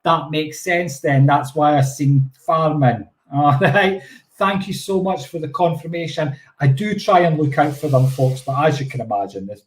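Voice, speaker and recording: A man's voice: fairly high pitch, normal speed, echoey room. A man working as a psychic medium, giving chatty, playful live-stream readings and often checking in with "okay?".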